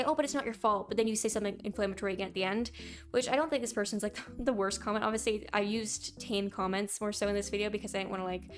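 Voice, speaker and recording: A young woman giving her opinions in a casual commentary vlog, opinionated and quick to mock what commenters say. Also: medium pitch. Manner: opinionated, reads out viewer comments in mocking voices. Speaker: gaming YouTuber.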